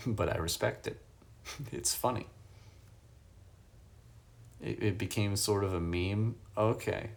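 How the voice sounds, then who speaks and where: A man's voice: lowish voice, slow pace, creaky, long pauses. A man livestreaming from a hotel room on his phone, casually chatting and reading viewers' questions aloud with frequent chuckles. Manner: laid-back, reads chat questions aloud and chuckles often.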